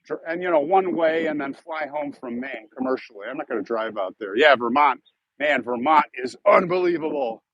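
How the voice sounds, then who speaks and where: Chatty Chicago man, slightly high voice. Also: gravelly, highs cut off. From Chicago, United States. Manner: rambling and chatty, thanks donors. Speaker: YouTube host on a live stream. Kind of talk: casual live-stream chat.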